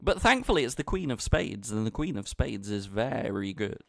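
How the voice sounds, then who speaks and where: A man's voice: medium pitch, sing-song, normal speed, gravelly, dry recording. A man chatting casually with his viewers while he plays online poker, bantering and talking to the chat. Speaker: poker streamer. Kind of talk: casual live-stream commentary.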